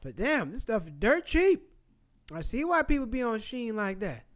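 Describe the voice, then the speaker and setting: A man's voice: very high-pitched, moderate pace. A man vlogging casually, reading facts aloud and talking back to them with swearing and blunt asides. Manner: animated, swearing, talking back to what he reads. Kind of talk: casual commentary reading and browsing online.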